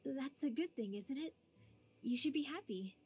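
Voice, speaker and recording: A dry, teasing young mage. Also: female voice, high voice, expressive, moderate pace, a little mellow, a little hiss or hum. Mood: reassuring. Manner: dry, teasing, matter-of-fact. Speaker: game character. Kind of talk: game dialogue acting. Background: game music.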